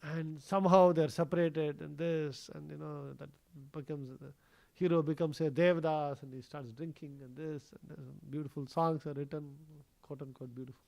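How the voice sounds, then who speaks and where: A man gives a scripture class at a temple. He tells the story conversationally, often pausing on a "you know" or an "uh". His voice rises and falls as the story builds. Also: fairly high pitch, steady tone, creaky, dark tone. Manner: storytelling, conversational with many fillers. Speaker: temple speaker. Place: temple hall.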